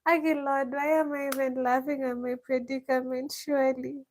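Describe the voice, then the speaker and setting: A woman's voice: high-pitched, flat delivery, moderate pace, a little hiss or hum. A woman answering viewer questions in a casual live stream from a village home, reading each question aloud and then answering, laughing often.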